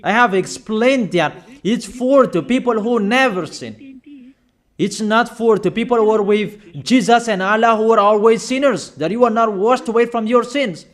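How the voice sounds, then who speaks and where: A man preaching a sermon, insistent and repeating phrases slowly for emphasis. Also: sits high.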